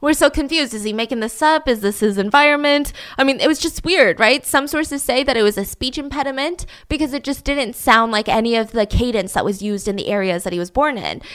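A woman's voice: a little high, brisk, hardly any pauses, fairly bright tone, smooth. Sarcastic woman telling a true crime story. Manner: heavily sarcastic, mock-admiring; chatty, addresses listeners directly. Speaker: podcast host.

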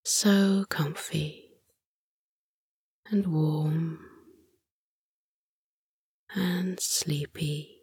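A woman narrating a children's sleep meditation in a soft, breathy whisper, slow and soothing. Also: low voice, steady tone, dry recording, clean studio sound. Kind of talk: whispered bedtime story narration.

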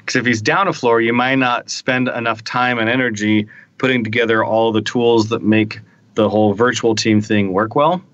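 A man's voice: medium pitch, fairly even intonation, moderate pace, a bit bright, no room sound, highs cut off. A man on a tech podcast telling work stories in a chatty, rambling way, often checking in with his listeners. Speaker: podcast panelist. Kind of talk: casual technical discussion.

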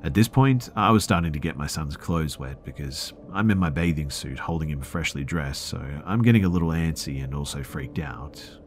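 Very deep-voiced man narrating creepy stories. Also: normal speed, hardly any pauses, a little hiss or hum. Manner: dramatic, drops to a whisper for asides. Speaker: podcast host reading listener stories. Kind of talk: scripted horror story narration.

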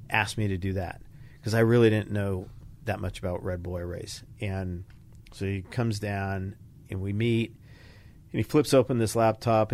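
An older man, a retired fighter pilot, telling stories in a casual interview and acting out the people he quotes. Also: on the low side. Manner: animated storyteller, acts out quoted voices. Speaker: podcast guest, retired Navy fighter pilot.

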